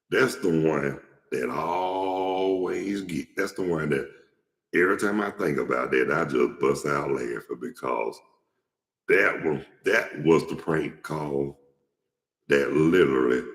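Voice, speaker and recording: A very deep-voiced, gravelly middle-aged man spins loose, profane anecdotes in a casual host monologue. His pitch rises and falls widely as he goes. He is recorded in an echoey room with a long, lingering reverb. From Atlanta, Georgia. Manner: rambling, blunt, profane anecdotes. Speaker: show host.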